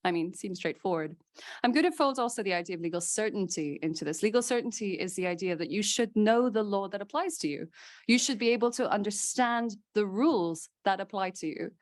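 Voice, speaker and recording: Animated woman lecturing a seminar. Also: mid-range voice, brisk. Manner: emphatic and animated, building points in lists, with playful asides. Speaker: legal scholar giving a seminar talk. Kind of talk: university seminar lecture to a live audience. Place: seminar room with a small audience.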